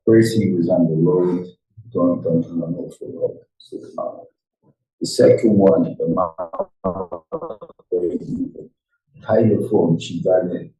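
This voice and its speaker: Older rabbi guy rambling through a torah class, gravelly low voice, sounds far off in a roomy hall. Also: expressive, dark tone, highs cut off, faint music behind. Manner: rambling, halting, many restarts and fillers. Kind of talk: informal Torah lecture. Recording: echoey room, voice far from the mic.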